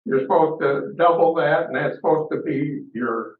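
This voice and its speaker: A man's voice: fairly high pitch, normal speed. A camera club member in a casual discussion, a man who talks hesitantly and leans on what the manual says. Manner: hesitant, defers to the book. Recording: distant, phone-like, echoey.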